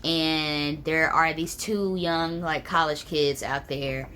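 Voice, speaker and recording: A woman's voice: low voice, steady tone, slow, bright, forceful tone, slight background noise. A young woman telling a personal story to camera, chatty and full of "like" and "um". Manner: chatty, many fillers like "like" and "um". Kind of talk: casual storytelling.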